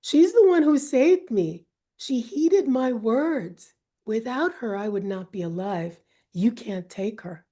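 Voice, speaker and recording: A woman's voice: medium pitch, a little slow, mellow, lightly acted. A woman voicing a proud, defiant queen goddess who speaks firmly and insistently in a retold myth. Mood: firm defiance.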